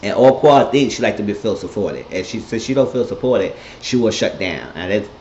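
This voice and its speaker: Man, low voice, casual recap, blunt and cussing, echoey dull room, faint hiss. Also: a little fast. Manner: animated, blunt, profane storytelling. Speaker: TV episode reviewer.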